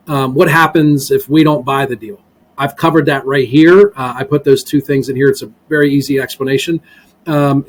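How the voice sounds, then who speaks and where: A man telling stories in a casual podcast interview, full of ums, often acting out what other people said. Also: medium pitch. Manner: animated storyteller, many ums, voices other people in quotes. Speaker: guest, real estate investor. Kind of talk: casual interview talk, acting out sales calls.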